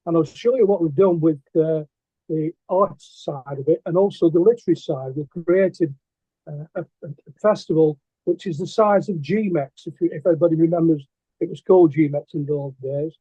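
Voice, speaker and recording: A man's voice: a little high, moderate pace, dark tone, breathy edge, no room sound. A middle-aged man with a Lancashire accent, a guest artist telling stories in a casual interview, hesitant and full of ums and restarts. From England. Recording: tinny phone-like line, dry.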